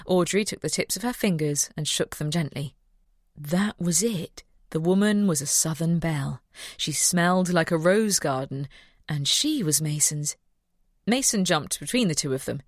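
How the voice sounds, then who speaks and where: A woman reading an audiobook as scripted narration, in an even, steady storytelling way, close to the mic. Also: low-pitched, moderate pace, no room sound.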